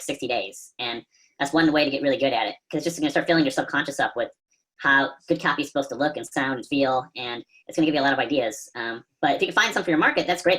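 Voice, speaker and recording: A man's voice: mid-range voice, a bit bright, poor audio. A man teaching as a guest instructor over a video call, conversational and storytelling, with fillers and the odd swear word. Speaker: copy chief and guest instructor. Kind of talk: casual teaching talk.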